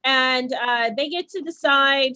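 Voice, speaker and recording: High-voiced woman recapping a reality show. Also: pushed and bright, slight background noise. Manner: quick play-by-play recap with frequent restarts. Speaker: podcast co-host.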